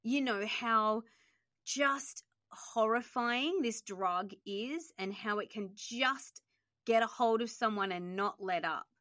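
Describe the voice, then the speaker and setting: A woman hosting an interview, talking fast and emotionally with lots of fillers while grieving. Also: on the high side, sharp tone, no echo, clean studio sound. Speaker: podcast host.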